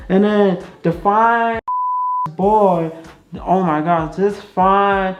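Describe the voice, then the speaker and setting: A woman's voice: mid-range voice, steady tone, extremely slow. A young woman vlogger telling a casual story, chatty and repetitive with many fillers. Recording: echoey room, dull sound, faint music.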